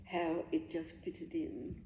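Slow, soft-spoken older woman. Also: low voice, level tone, a little hiss or hum. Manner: earnest, halting, with restarts and pauses. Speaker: guest sharing a faith testimony. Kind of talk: personal storytelling. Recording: echoey room.

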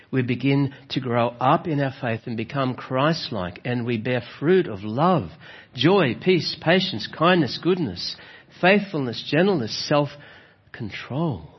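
A man preaches a reflective sermon in a husky, breathy voice, often turning his points into soft rhetorical questions. His pitch sits at an ordinary middle height for a man. The recording is slightly dull and lo-fi. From Australia. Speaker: pastor.

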